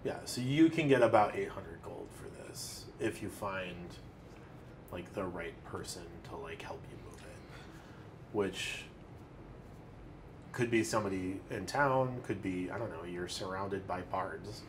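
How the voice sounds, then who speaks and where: A man's voice: sits low, measured pace, noisy background. A young man as dungeon master, explaining rules casually with lots of fillers. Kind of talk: running a tabletop game, casual.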